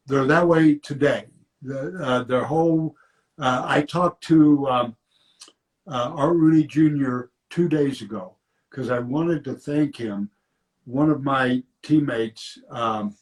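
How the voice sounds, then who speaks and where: A man's voice: medium pitch, rough recording. An older man, a former football player, telling rambling, self-correcting stories in an interview. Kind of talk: storytelling in an interview.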